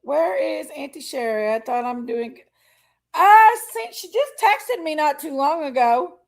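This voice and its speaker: A woman's voice: high-pitched, expressive, a little slow, creaky. A woman, hosting a casual livestream, greeting viewers by name and talking openly about personal struggles. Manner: chatty, greets viewers by name, says honey and y'all. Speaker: livestream host. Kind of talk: casual chat with live viewers.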